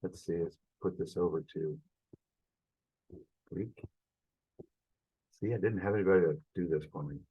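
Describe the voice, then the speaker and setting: A man's voice: low-pitched, moderate pace, long pauses, dark tone, slightly rough, lo-fi sound. A middle-aged man teaching a Greek lesson, thinking aloud as he works through examples and stops to correct his own mistakes. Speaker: Greek instructor. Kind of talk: recorded classroom lesson.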